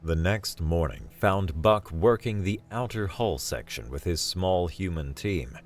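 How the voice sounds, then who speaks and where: A man with a very deep voice narrates a scripted science fiction story. His delivery is slow and even, keeping a steady storytelling pace. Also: faint music behind.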